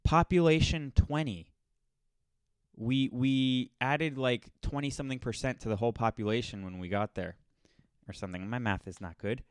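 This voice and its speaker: A young man telling a rambling, sardonic story in a casual monologue, now and then mocking people in quick impressions. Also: mid-range voice, clear, resonant tone, dry recording. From Los Angeles area.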